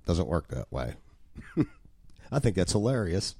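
A deep-voiced male preacher delivers an expository sermon with a wide, animated pitch range, leaping up for emphasis and sinking low. His tone is emphatic with a dry wry humor, recorded close in a dead, echo-free room. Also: slow, gravelly, pauses often, slightly rough. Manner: emphatic, with sudden jumps in emphasis.

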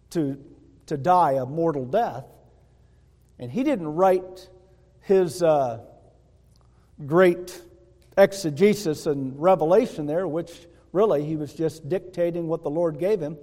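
A man's voice: high-pitched, dark tone. A male pastor preaching a sermon in a folksy way, often checking in with the congregation. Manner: folksy, asks the congregation "Hello?". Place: church sanctuary. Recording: long hall reverb.

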